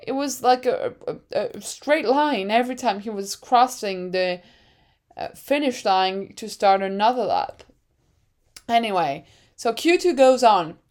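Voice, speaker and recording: A young woman chatting in a relaxed, unhurried way. Her fairly high voice swings up and down as she gets excited and acts out her own reactions, with the odd swear word thrown in. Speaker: podcast co-host. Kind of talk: casual chat.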